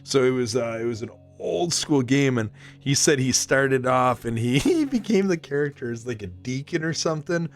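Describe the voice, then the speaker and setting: A man chatting casually with his live stream audience. He rambles excitably, swears constantly and breaks into laughter between stories. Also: mid-range voice, moderate pace, few pauses, faint music behind. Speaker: livestreamer.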